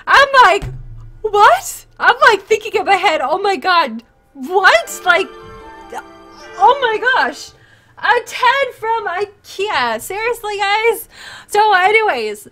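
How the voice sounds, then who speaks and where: Bright-voiced young woman streamer, chatty. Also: sits high. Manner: chatty, full of fillers, breaks off to answer chat. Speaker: livestreamer. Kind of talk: casual storytelling on a livestream.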